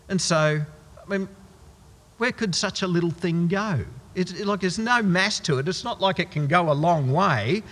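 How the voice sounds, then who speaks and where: A man's voice: high voice, moderate pace, fairly bright tone, long reverb tail. A man preaching a sermon in a conversational, wry style with exaggerated asides.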